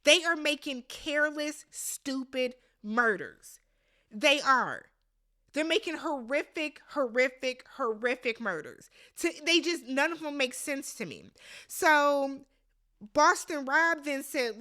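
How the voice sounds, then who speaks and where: A woman giving a casual, slangy recap of a reality show, quoting the players in lively voices. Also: high-pitched, slow pace. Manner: animated, slangy, quotes people in put-on voices. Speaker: recap vlogger.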